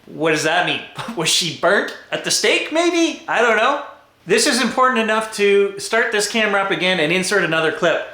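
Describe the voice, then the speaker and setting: A Canadian man running a live spirit box session outdoors in cold woods, excitedly talking to spirits and viewers. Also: sits high, no echo. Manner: excited, talks to spirits and viewers, quick chuckles. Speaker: paranormal vlogger.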